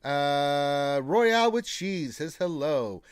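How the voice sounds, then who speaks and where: Brief: male stream co-host, playful and teasing, swings his pitch a lot. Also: dry recording, studio quality. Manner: playful, teasing, drawn-out flat refusals. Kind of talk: casual live-stream chat, reading viewer messages.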